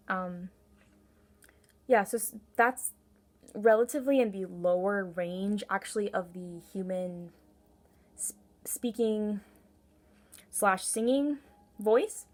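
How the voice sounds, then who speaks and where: A young woman talks through a tarot reading in a casual, earnest way, wandering into asides as she goes. Her voice sits forward and a little pinched, with a brassy edge. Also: mid-range voice. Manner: earnest, encouraging, rambling with many asides. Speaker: tarot reader.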